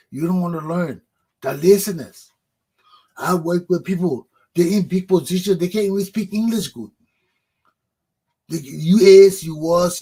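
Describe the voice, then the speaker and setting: A man's voice: high voice, mellow, husky. A middle-aged man with a Liberian accent, hosting a talk show in an emphatic, preachy monologue that repeats its points. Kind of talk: animated opinion monologue.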